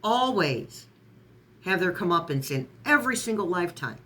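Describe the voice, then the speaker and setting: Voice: medium pitch, normal speed, fairly bright tone, slight background noise. A tarot reader in a casual online reading who strings card keywords together, stumbles and corrects words, and adds sarcastic asides.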